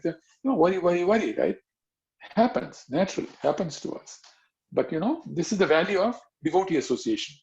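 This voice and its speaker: A man speaks over a video call, giving a relaxed devotional talk in a chatty, conversational way. His voice is gravelly, and his pitch moves around a lot. The call audio sounds dull and lo-fi. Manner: chatty, conversational, full of "you know" asides. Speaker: devotional teacher.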